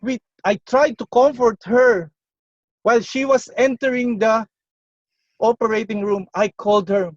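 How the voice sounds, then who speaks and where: A man giving a prepared contest speech, telling a personal story in a slow, earnest way with pauses, over a video call. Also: high voice, fairly even intonation, no echo, lo-fi sound. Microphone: computer or phone mic on a video call.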